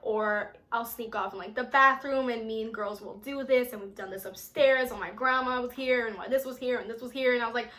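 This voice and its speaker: Young woman vlogger, animated and chatty, bright, slightly high voice. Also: brisk, hardly any pauses. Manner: animated, chatty, lots of filler "like". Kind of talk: storytime vlog.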